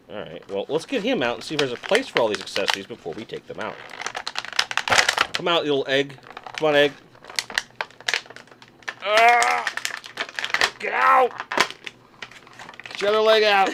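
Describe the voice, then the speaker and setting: A man's voice: medium pitch, very noisy. A man hosting a casual livestream from his desk, chatting and joking with viewers while unboxing toys. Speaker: livestream host. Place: home room at a desk.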